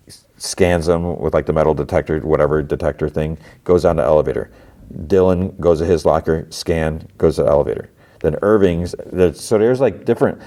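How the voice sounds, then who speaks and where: A man's voice: low voice, dark tone. A man hosting a podcast, casually retelling TV episodes in a rambling way, full of fillers. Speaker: podcast host.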